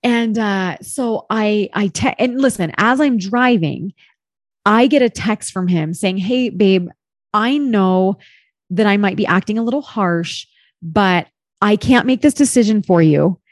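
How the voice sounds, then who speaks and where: A woman of middle pitch telling a story in a loose, candid way, peppered with "like" and the odd swear word. Her voice is recorded close and dry, with no room sound around it. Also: a little slow, dry recording. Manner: candid and expressive, swears, heavy use of "like". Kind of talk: casual storytelling chat.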